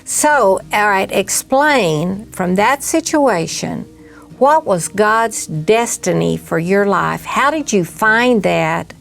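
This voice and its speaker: Lady host asking follow-up questions, kinda gravelly voice, faint music behind. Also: medium pitch, expressive, takes it slowly. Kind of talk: interview talk show.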